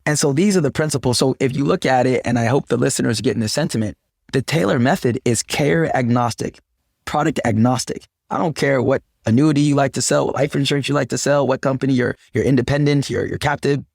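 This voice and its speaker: A man's voice: medium pitch, quick pace, vocal fry, a little mellow, dry recording, clean studio sound. A man guest on a podcast, preaching sales process with emphatic motivational sayings. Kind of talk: podcast conversation.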